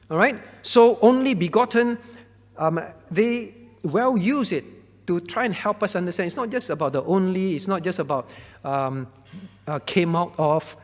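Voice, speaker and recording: A man teaching a Bible question-and-answer session as pastor. His voice sits high for a man. He explains step by step, often checking that his listeners follow, and a long reverb from the hall trails after his words.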